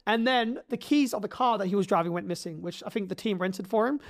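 A podcast guest telling a story in an animated way, swearing as they go. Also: medium pitch, fast. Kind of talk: casual storytelling.

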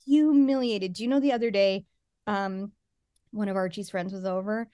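A woman's voice: medium pitch, fairly even intonation, normal speed, dark tone, clear, resonant tone, no room sound, dull audio. A woman co-hosting a podcast, chatting casually and sarcastically, often acting out quotes. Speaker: podcast co-host. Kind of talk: casual chat recapping a reality show.

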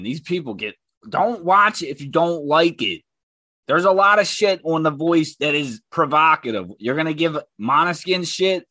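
A man's voice: a little high, bright, forceful tone, no echo. A man hosting his own podcast and ranting about online comments, heated, profane and mocking. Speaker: podcast host.

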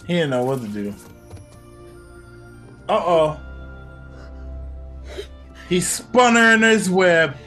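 A man's voice: high-pitched, slow, long pauses, soft background music. A man hosting a casual film review podcast, swearing and acting out quotes as he tells the story. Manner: profane, animated storytelling with acted-out quotes. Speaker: podcast host.

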